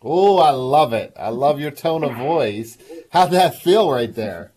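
Husky, encouraging male radio host. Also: fairly high pitch, animated, a little slow, darkish tone. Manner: encouraging, coaching, enthusiastic praise. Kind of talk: call-in advice talk.

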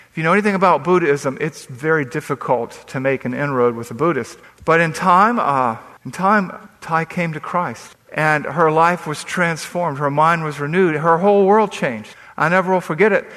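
A man's voice: fairly high pitch, normal speed, few pauses, fairly bright tone. A man preaching as a pastor, reading scripture and telling stories with emphatic delivery. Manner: emphatic, storytelling with quoted dialogue. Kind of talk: sermon. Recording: long reverb of a large hall.

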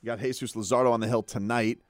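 A man's voice: medium pitch, dry recording, studio quality. A man hosting a sports radio show, bantering casually with his co-hosts and joking around. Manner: animated, joking, quick to shout out lines.

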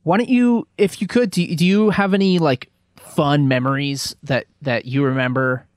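A man hosting an interview, asking questions in a hesitant, halting way. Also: a little high, steady tone, no echo, studio quality. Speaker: interview host. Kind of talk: casual interview.

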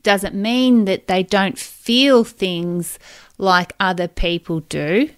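Slow, candid woman podcaster. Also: medium pitch, fairly even intonation, smooth, dry recording, clean studio sound. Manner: candid, emotional, rambling storytelling. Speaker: podcast host. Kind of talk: personal podcast monologue.

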